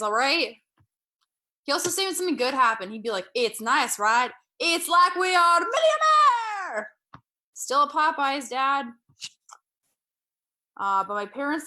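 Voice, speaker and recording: Young woman, stand-up comic, deadpan, lots of ums, bright, fairly high voice. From Eastern Europe. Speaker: stand-up comedian. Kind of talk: stand-up comedy monologue.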